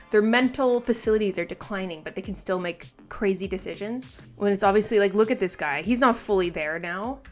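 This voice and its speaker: Woman host, casual manga reaction chat, emphatic and exasperated, filler-heavy, faint music under her. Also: medium pitch. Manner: frequent "like" fillers and swearing.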